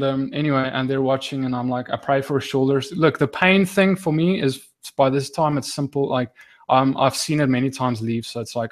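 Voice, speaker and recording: Man, middle pitch, earnest guest recounting a story, halting with many restarts. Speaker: guest sharing a testimony. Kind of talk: casual storytelling.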